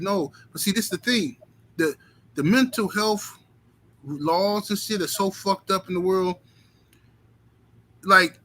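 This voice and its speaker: A man's voice: high-pitched, bright, forceful tone, slight background noise, poor audio. A man hosting a casual live boxing talk stream with a loose, profane, slang-heavy manner. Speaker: boxing talk show host.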